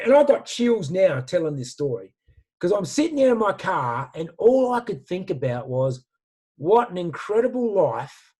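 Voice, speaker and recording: A man speaks with lively, slangy enthusiasm, pitched a little high for a man. He sounds like a motivational speaker telling stories over a video call. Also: slightly rough. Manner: animated, storytelling with slang. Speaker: guest speaker. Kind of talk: motivational talk.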